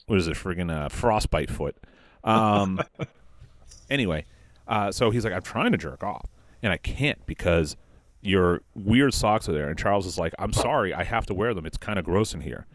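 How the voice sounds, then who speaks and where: A man improvising a crude comic story on a podcast, rambling with many fillers and quick quoted voices. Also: low voice, no room sound, clean studio sound. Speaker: comedy podcast host.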